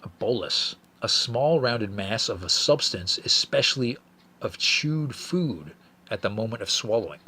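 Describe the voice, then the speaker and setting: A man's voice: lowish voice, lively intonation, measured pace, pushed and bright, husky. A man hosting a solo podcast, reading out listener messages in a rambling, profane, casual way with frequent stammered restarts. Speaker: podcast host.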